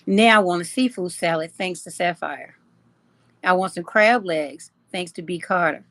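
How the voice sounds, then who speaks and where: A woman's voice: lowish voice, moderate pace, fairly bright tone, no echo. A woman hosting a casual live chat, reading comments aloud, teasing her viewers and laughing often. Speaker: livestream host.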